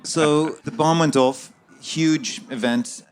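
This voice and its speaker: A man's voice: a little high, fairly even intonation, takes it slowly, slight background noise. A man, an author guest in an interview, recounting a story at length with many fillers and restarts.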